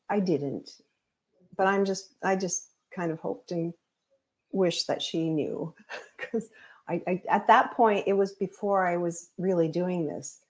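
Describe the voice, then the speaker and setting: A woman's voice: lowish voice, a little mellow. A woman, a psychic medium guest, chatting casually and telling stories with acted-out quotes. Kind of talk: casual storytelling chat.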